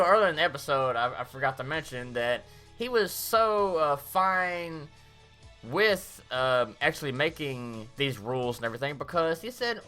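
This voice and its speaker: A woman casually reviewing a cartoon episode, rambling through the plot. Her voice sits low yet swings widely in pitch, with a bright, forceful edge. Faint music plays behind her. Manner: rambling, animated recap with quick acted-out quotes.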